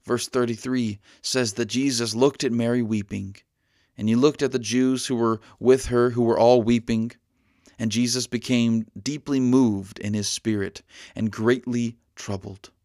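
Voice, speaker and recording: A man preaching an earnest podcast sermon, slowing down at key lines to let them land. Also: mid-range voice, steady tone, a little mellow, no room sound, clean studio sound.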